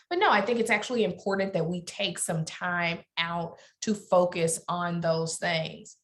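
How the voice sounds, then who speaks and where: A woman's voice: fairly low pitch, steady tone, a little slow, few pauses, a bit bright. A middle-aged woman with a Southern US accent from Alabama, speaking earnestly as a guest in an interview. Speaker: guest lawyer. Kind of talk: interview conversation.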